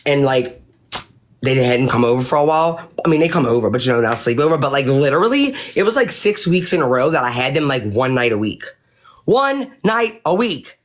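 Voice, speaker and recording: A woman's voice: extremely low pitch, lively intonation, fast. Woman livestreamer; indignant, sweary, rambling rant to her audience. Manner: indignant, profane, rambling with restarts. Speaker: livestreamer addressing viewers.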